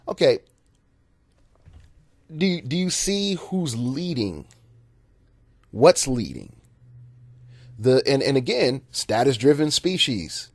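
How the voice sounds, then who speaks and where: A man's voice: mid-range voice, big pitch swings, takes it slowly, long pauses, dry recording. A man hosting a solo podcast and coaching gamers in a rambling, casual monologue, repeating words and chuckling at his own jokes. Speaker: podcast host and game coach.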